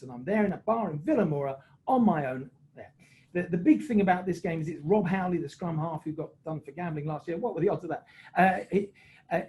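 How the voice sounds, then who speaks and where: A man's voice: sits high, dark tone, dull audio, a little hiss or hum. A man, a former rugby referee, telling jokey, self-mocking anecdotes on a video call. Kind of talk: anecdotal storytelling on a webinar.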